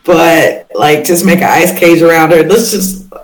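A man's voice: a little high, fairly even intonation, a little slow. A man playing a tabletop game, hesitant and laid-back, rambling as he decides his move. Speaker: player. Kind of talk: in-character tabletop play. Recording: echoey room with faint noise.

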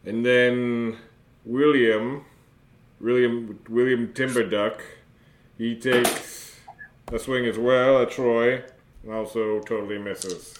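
A man runs a tabletop game as game master, narrating slowly in a halting way with many fillers. His pitch is middling. The room around him is echoey. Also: steady tone. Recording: roomy echo, faint noise.

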